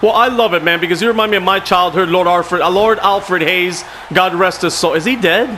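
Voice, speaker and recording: Excitable high-voiced male game commentator. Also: fairly quick, slight background noise. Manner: excitable, frequent "man", shouts at the action. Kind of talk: casual play-by-play commentary.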